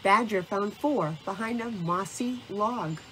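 A woman narrating a children's storybook, reading in a slow, deliberate way. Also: medium pitch, pushed and bright, soft background music.

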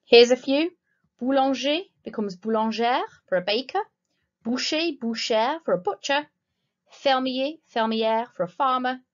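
A woman teaching a recorded school French lesson, explaining patiently and slowing down to say the French words clearly. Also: a little high. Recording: slightly dull lo-fi recording.

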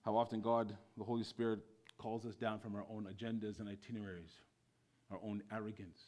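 A man preaching a sermon as pastor in a church, swinging between loud bursts and hushed lines. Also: fairly low pitch, flat delivery, a little fast.

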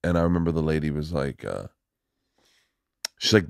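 A man hosting a podcast, telling stories in a loud, rowdy way and jumping into acted-out quotes. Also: rumbling low, lively intonation, normal speed, creaky, no room sound, clean studio sound. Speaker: podcast host. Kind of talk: casual chat.

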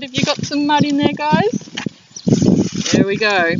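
An Australian woman, a primary school teacher, reading a picture book aloud to young children in a playground, speaking warmly and encouragingly. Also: sits high, expressive. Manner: warm, encouraging, slow and clear. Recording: dull lo-fi with wind noise outdoors.

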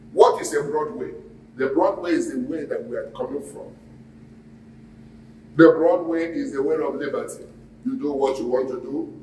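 A pastor preaches a sermon and quizzes his congregation in call-and-response style in a church hall. His voice sits on the high side and is a little mellow, with a faint hiss or hum. The distant mic picks up the echo of the hall.

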